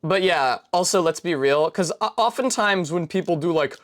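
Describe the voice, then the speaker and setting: A woman's voice: fairly low pitch, normal speed, hardly any pauses. A woman streamer from New England talks casually while she builds. She rambles through long digressions in a loose, chatty way. She fills her speech with fillers and corrects herself mid-sentence. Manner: full of fillers and self-corrections. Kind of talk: casual chat while building a Lego set.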